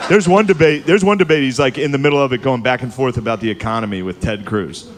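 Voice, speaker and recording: A male comedian telling an animated stand-up story, acting out voices and laughing at his own jokes. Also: medium pitch, quick pace, background noise. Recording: live audience behind.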